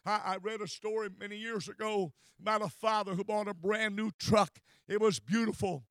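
Man preaching a sermon, very high and smooth voice, fervent and insistent, repeating and restarting words as he goes. Dry close sound with no room echo. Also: fairly even intonation, normal speed, a bit bright.

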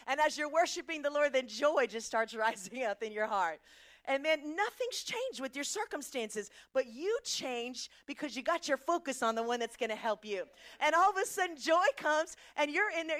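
A woman's voice: sits high, fairly bright tone. A middle-aged woman preaching a sermon, emphatic, asking the congregation questions and answering them herself.

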